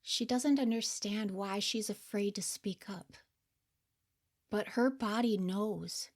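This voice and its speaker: A woman voicing her older, wiser self in a soft, gentle whispered role-play. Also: mid-range voice, takes it slowly. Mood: tender.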